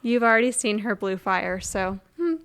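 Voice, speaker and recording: A woman co-hosting a podcast in casual chat, soft-spoken and laughing often. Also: mid-range voice, normal speed, clean tone. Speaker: podcast co-host.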